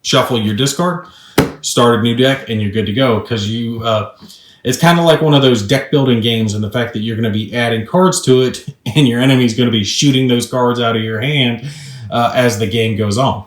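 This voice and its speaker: A man's voice: medium pitch, normal speed. Chatty man demoing a board game in a roomy space. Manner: chatty and upbeat, explains rules as he plays. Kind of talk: casual tabletop gameplay walkthrough. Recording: roomy echo.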